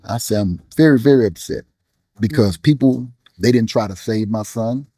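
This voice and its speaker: Grieving in an emotional interview, a man who is both a guest musician and a bishop speaks earnestly about his loss in a preacherly way, with pauses and repetitions as he gropes for words. His voice is warm, mellow and fairly low. It is recorded dry and close with no room sound.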